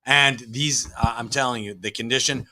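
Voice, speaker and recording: Guy cohosting a stream, bright voice, cracks crude jokes and blurts out reactions. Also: mid-range voice, steady tone, normal speed, a little hiss or hum. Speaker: co-host. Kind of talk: casual chat on a live stream.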